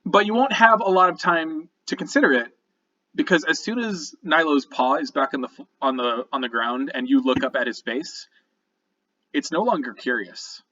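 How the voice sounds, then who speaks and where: A man's voice: on the high side, normal speed, bright, forceful tone, highs cut off. A man narrating a tabletop game as dungeon master, describing scenes vividly with many fillers.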